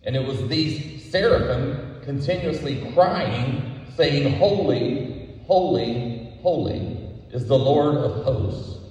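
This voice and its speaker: A man preaching a sermon as pastor, with a measured, emphatic delivery that leans on repeated words. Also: medium pitch, lively intonation, a little mellow. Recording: echoey hall from a distance.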